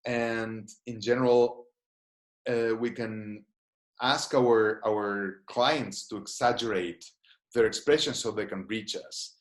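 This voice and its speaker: Speaking slowly in a lowish voice with fairly even intonation, a man teaches a gestalt therapy seminar online. He explains thoughtfully and invites listeners to try short exercises, and the recording carries a roomy echo.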